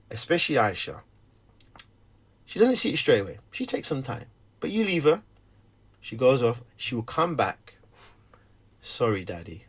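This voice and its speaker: A man's voice: mid-range voice, husky. A middle-aged man, talking candidly about being a dad, who tells stories animatedly and acts out the dialogue. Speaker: stay-at-home dad. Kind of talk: candid conversation.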